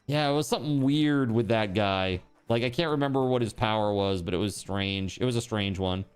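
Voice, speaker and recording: A man's voice: lowish voice, fairly quick, clean tone, soft background music. A man streaming live, chatting casually, rambling and joking, with swearing.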